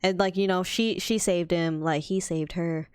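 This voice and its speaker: Lady co-host chatting, swears a lot, lowish smooth voice, dry close sound. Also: normal speed, no room sound. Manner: swears a lot, animated storytelling. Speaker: podcast co-host. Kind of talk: casual chat.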